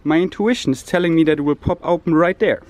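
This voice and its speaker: A man's voice: on the high side, fast, slight background noise. A man chatting casually in a daily vlog, playful and jokey. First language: German. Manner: playful, jokey, animated asides. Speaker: vlogger. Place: home kitchen indoors. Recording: roomy home camera audio.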